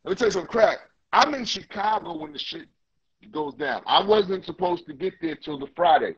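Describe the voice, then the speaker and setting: Animated man telling a story over a phone call. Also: high voice, fairly quick, slightly rough. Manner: animated, swearing, repeats phrases. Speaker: interview guest. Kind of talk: casual storytelling on a livestream. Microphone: phone earbuds on a video call.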